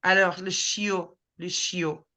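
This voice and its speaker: A woman teaching a small online French class, explaining slowly and patiently while mixing French and English. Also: fairly low pitch, fairly even intonation, sharp tone.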